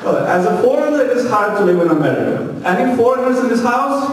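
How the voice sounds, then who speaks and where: A man's voice: very high-pitched, heavy background noise. Russian-accented man doing stand-up, echoey club. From former Soviet Union. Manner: deadpan, quick, heavily accented storytelling. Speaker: stand-up comedian. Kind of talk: stand-up comedy. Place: comedy club stage. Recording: echoey club sound from a distant mic with crowd.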